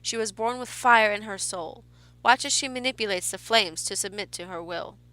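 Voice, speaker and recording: A bossy male carnival barker who announces acts with flair and snaps at troublemakers, as a woman reads his lines. His delivery is brisk and scolding, carried on a bright voice. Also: mid-range voice, no echo, lightly acted, poor audio. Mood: showy.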